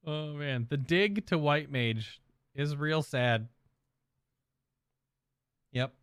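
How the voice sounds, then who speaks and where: A man's voice: fairly high pitch, extremely slow, clean tone, no room sound, studio quality. A man streamer giving casual, rambling reaction commentary in an amused way.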